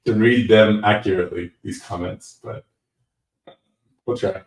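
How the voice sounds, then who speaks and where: A man's voice: lowish voice, measured pace, long pauses, recorded from a distance. An American-born man hosting a casual livestream Q&A, reading chat comments and answering in a rambling, joking, self-deprecating way. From United States. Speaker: host answering live chat. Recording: roomy sound from away from the mic.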